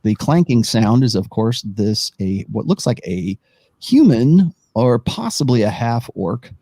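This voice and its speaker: A man's voice: mid-range voice, big pitch swings, a little slow, mellow, dry recording. A man narrating as game master of a tabletop game, rambling and thinking aloud as he sets up the map.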